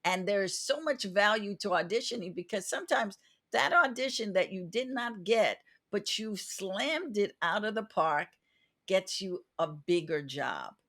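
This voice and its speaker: A woman hosts a podcast conversation and shares advice from her own experience. Her voice sits at an ordinary middle pitch. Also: animated, a little slow, fairly bright tone. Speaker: podcast host and actress.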